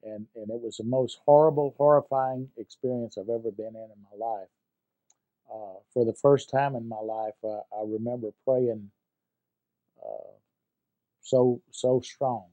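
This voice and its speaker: An older man recalling his war experiences in a halting way, with many fillers and repeated words. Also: medium pitch, fairly even intonation, dark tone, dull audio. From United States. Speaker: veteran interviewee. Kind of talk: personal war recollection.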